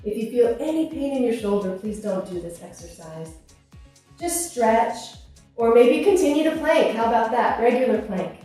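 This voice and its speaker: A woman's voice: fairly high pitch, animated, moderate pace, mellow. A woman in her fifties leading a core workout, out of breath, encouraging and coaching through each exercise. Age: 50s. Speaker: fitness instructor. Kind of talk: workout instruction. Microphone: clip-on mic. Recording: echoey room, mic far off, music behind.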